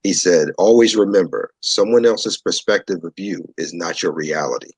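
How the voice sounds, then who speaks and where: A man from New York, a show guest, telling a story in a relaxed, conversational way and acting out what people said. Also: deep voice, moderate pace, breathy edge, rough recording. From New York, USA. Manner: animated storyteller who acts out dialogue.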